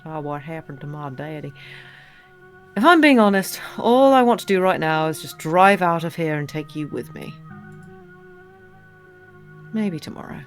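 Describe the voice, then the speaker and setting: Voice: mid-range voice, lively intonation, normal speed, pauses often, fairly bright tone, faint music behind, natural voice. A streamer voicing a grieving young man in a game, read out in an earnest, plain way.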